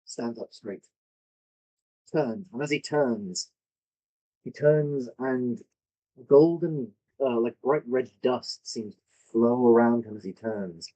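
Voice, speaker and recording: A man's voice: mid-range voice, slow pace, pauses often, warm tone, lo-fi sound. A man narrating as game master, describing scenes with many fillers and self-corrections. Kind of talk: improvised tabletop narration.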